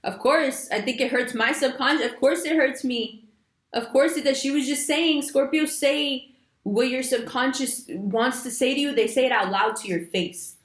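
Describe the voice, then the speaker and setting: A woman reads the month's horoscope with a fairly high, lively voice. She talks directly and emphatically to her viewers and slips into casual slang. The room around her gives back a clear echo. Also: normal speed. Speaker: astrology reader. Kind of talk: monthly horoscope reading to camera.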